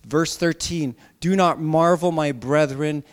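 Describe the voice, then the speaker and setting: Male pastor, sermon, emphatic, animated, playful asides, slightly high pitch. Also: slow.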